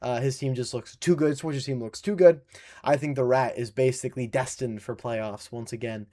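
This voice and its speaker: A man co-hosting an online league review show, chatting casually with jokes and quick restarts. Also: medium pitch. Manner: animated, jokey, trails off and restarts. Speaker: co-host. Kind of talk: casual podcast banter.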